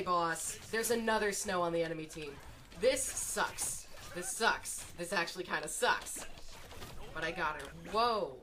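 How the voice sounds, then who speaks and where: A woman giving live gameplay commentary from home, excitable and swearing, drifting into self-mocking asides between plays. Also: fairly low pitch, normal speed, slight background noise. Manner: excitable, swearing, shrieks at game moments. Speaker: gaming video creator. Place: room at home.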